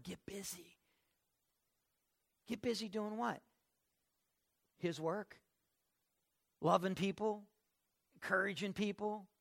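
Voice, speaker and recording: An older male pastor preaches in a folksy, conversational way, slipping into soft asides before raising his voice for emphasis. His voice is slightly high and carries a gravelly grain.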